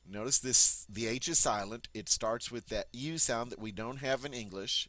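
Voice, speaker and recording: A man teaching French pronunciation, repeating each word slowly and clearly before explaining it. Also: mid-range voice, pushed and bright, no echo. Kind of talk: pronunciation lesson.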